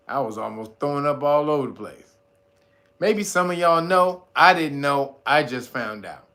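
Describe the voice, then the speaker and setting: A man with a mid-range voice hosts a casual livestream, talking straight to his viewers. He's profane and animated, laughs often, and reads out guesses from the chat.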